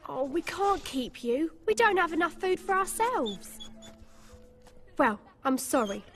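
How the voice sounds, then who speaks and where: Sweet, caring young girl in a game: high, lively, soft. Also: unhurried, soft background music. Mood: tender. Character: kind, gentle young girl, the hero's sister. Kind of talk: video game voice acting.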